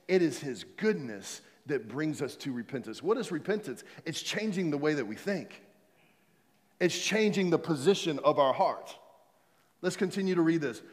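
A man's voice: a little high, big-room sound. A man preaching a sermon as pastor, emphatic and repetitive, leading the congregation in call-and-response. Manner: emphatic, repeats key phrases, leads the congregation in call-and-response.

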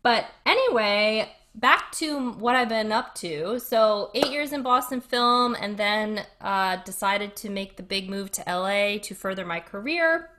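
A woman in her thirties from Rhode Island talks in a bright, forceful voice with her home accent coming through. She chats freely as a podcast co-host and breaks into laughter often. Her pitch sits in a middle range. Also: lively intonation, a little slow, few pauses. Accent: Rhode Island (Cranston). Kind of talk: casual chat.

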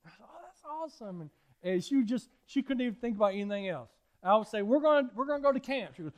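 A middle-aged preacher with a notably high voice. He tells folksy, animated stories from the pulpit, circling back to repeat his points. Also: quick pace. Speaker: pastor. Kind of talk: sermon.

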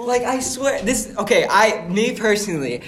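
A man's voice: high voice, sing-song, moderate pace, a bit bright. A man hosting a casual podcast, telling stories in a playful way and laughing in the middle of his sentences. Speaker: podcast host. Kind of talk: casual banter among friends.

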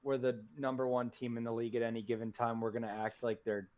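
A man co-hosting a podcast talks fast in a mid-range voice with little pitch movement. The sports chat is casual and rambling, packed with fillers like "you know," and the recording sounds dull and lo-fi.

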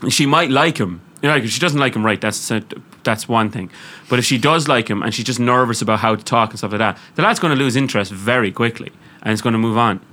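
A man's voice: mid-range voice, fast talker, few pauses, pushed and bright. A young Irish man hosting a podcast, chatting casually in a rambling, laughing way and swearing freely. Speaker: podcast host. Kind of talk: casual chat.

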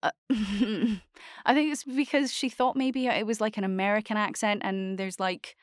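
A woman's voice: mid-range voice, fairly even intonation, measured pace, clear, resonant tone, no room sound, studio quality. A woman with a Scottish accent chatting casually, teasing and laughing often. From Scotland. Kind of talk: casual chat.

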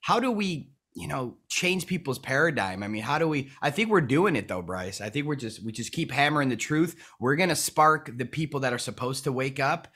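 A man hosting a podcast, excitable and swearing freely, often trailing off and starting his sentences over. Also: medium pitch, fairly quick, few pauses, slightly rough. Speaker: podcast host. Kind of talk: casual podcast talk.

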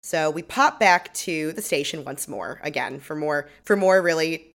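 Woman, low pitch, podcast co-host, casual recap, animated, laughing, acts out lines. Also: measured pace.

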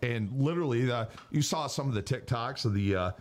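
A man's voice: mid-range voice, expressive, a little fast, slight background noise. A man co-hosting a podcast in casual chat, ranting with heavy swearing. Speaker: podcast co-host.

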